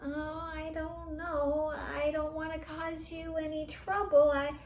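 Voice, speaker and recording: A woman voicing a shy, homeless young field mouse who speaks quietly and hesitantly in a storybook reading. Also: high-pitched, flat delivery, slow, slight background noise, pitched above the performer's own voice. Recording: roomy echo.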